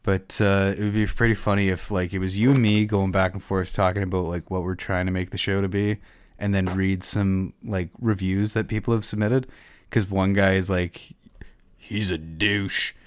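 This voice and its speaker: A man's voice: deep voice, flat delivery, normal speed, clear, resonant tone, no echo. A man hosting a podcast, chatting casually in a blunt manner and swearing freely. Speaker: podcast host. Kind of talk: casual chat.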